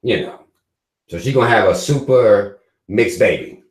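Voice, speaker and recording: A man's voice: fairly low pitch, normal speed, roomy sound, rough recording. A man hosting a live stream, giving loose, profane commentary with frequent laughs. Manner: animated, swearing, laughing often.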